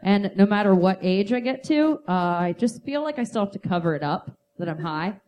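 Animated goofy woman comic. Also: medium pitch, a little fast. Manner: goofy, animated, self-mocking. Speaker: comedian. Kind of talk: stand-up comedy on a podcast stage.

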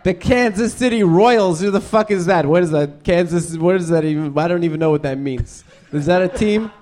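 A blustery old-timer stand-up comic, played by a man, with a voice pitched on the high side. He rambles and brags about his hometown in crude, swaggering bursts. It plays as live character comedy on a stage. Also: moderate pace, darkish tone, close to an everyday voice. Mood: rambling. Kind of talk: improvised character comedy interview.

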